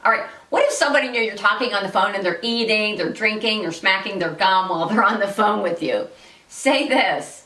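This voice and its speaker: Bright-voiced woman coaching, echoey room. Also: mid-range voice, animated, a little fast, distant mic. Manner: direct, coaching, upbeat. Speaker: host and workplace-civility coach. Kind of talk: instructional talk with example scripts. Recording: echoey room, voice a bit off-mic.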